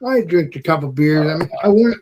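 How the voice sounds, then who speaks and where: A man in casual chat, easygoing and relaxed. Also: on the high side, quick pace, a crowd in the background, rough recording. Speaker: podcast participant.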